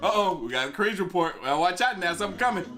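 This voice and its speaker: High-voiced man chatting on a live stream. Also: fast. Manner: relaxed, slangy, chatting with viewers. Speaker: livestream reaction host. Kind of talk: casual live-stream chat.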